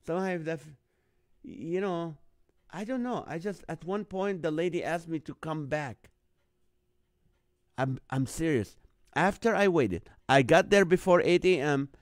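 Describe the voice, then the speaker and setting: Give me a man from the Middle East hosting a live show, telling funny stories in a lively, slightly high voice, recorded dry and close. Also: a little slow, pauses often, dry recording. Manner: animated, acts out other people's lines in a jumped-up voice. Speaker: host of a live online show. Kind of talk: comedic storytelling monologue.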